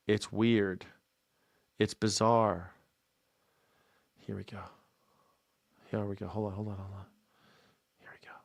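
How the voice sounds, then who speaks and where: A man's voice: fairly low pitch, creaky, no room sound, studio quality. A man hosting a live news reaction show, sarcastic and profane, mocking what he plays. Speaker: host.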